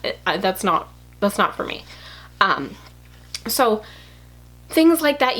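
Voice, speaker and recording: A woman talks straight to her viewers in a loose, unscripted way, frank and blunt, with plenty of fillers and restarts along the way. Her voice sits at an everyday middle pitch for a woman. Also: fairly bright tone. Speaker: YouTuber. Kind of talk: casual advice monologue.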